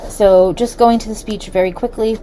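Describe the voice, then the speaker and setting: A woman's voice: medium pitch, fairly even intonation, moderate pace, mellow, a little hiss or hum, rough recording. A woman hosting a solo commentary show, reading documents aloud and adding chatty, sarcastic asides. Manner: chatty and sarcastic, with frequent fillers. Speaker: host.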